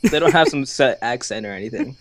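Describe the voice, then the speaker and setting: A man's voice: mid-range voice, expressive, fairly quick. A man playing along in a gamebook, making teasing, laughing remarks. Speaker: player making the choices. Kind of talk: casual chat.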